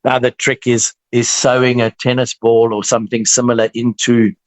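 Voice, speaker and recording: A man with a South African accent, a dentist guest explaining treatment in relaxed, casual chat. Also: mid-range voice, normal speed, no room sound, rough recording. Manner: relaxed, explains with examples and restarts.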